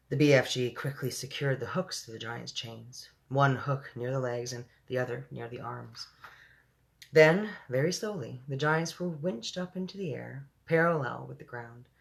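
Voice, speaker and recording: Gravelly woman reading a storybook aloud. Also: extremely low pitch. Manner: chatty asides, laughs at own slips. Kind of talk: reading a children's book aloud.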